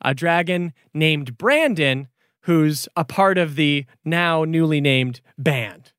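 Animated male game master, dry sound. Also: on the high side, slow, clean tone, no room sound. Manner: lively, theatrical narration. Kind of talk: narrating a tabletop game.

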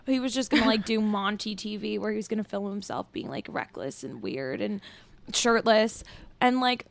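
A woman's voice: medium pitch, animated, moderate pace, gravelly. A young woman in a casual podcast chat, telling a story with lots of filler words. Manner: chatty, filler-heavy storytelling. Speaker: podcast guest.

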